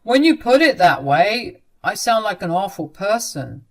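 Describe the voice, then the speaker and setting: A woman voicing a dismissive young man who speaks in a flat, curt, matter-of-fact way. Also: medium pitch, unhurried. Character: cold adult son, a young man, dismissive.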